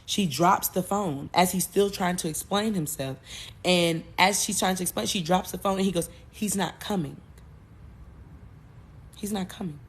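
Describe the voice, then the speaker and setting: A woman hosting a podcast, retelling a movie plot in a loose, animated way, with cursing and frequent self-corrections. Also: on the low side, moderate pace. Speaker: podcast host.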